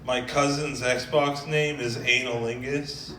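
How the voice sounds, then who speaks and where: A man doing a stand-up set in a club, telling crude jokes in a deadpan way. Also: mid-range voice, slow, a little hiss or hum. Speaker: stand-up comedian. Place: comedy club. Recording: echoey club from a distance.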